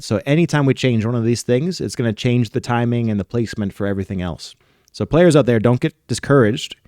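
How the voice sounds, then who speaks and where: A man who coaches soccer and co-hosts a podcast demonstrates technique while casually explaining it. His medium-pitched voice is a little mellow, and the studio-quality recording has no room sound.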